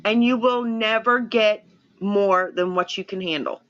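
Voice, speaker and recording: Bright-voiced woman host telling stories. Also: medium pitch, a little slow, lo-fi sound. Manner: animated storyteller, acts out quoted voices. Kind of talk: casual live-stream chat.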